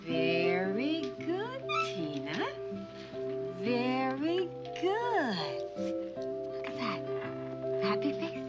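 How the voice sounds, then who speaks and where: An actress playing a firm, devoted schoolteacher who patiently encourages struggling children. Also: female voice, sits high, big pitch swings, measured pace, long pauses, over loud music. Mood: gently firm. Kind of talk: film drama acting. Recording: slightly dull film soundtrack.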